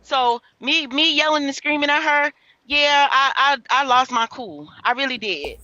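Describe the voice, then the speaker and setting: A woman's voice: high voice, a little slow, pushed and bright, dry recording, muffled recording. A woman venting in heated casual livestream chat, profane and repeating herself as she talks.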